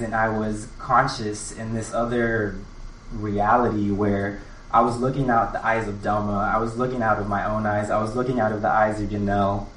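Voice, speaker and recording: A man telling a personal story live at an event, earnest and halting, often restarting his words. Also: mid-range voice, slight background noise. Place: live event space with an audience. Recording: roomy, distant mic with faint ambience.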